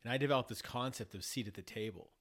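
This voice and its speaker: A man's voice: mid-range voice, fast talker, fairly bright tone. A man talking in a casual podcast conversation, reflective, often restarting and repeating words as he works through ideas. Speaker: podcast guest.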